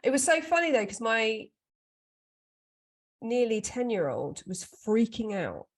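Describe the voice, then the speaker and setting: A woman co-hosting a podcast, chatting casually and telling animated stories. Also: fairly high pitch, a little slow. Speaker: podcast co-host. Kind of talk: casual chat.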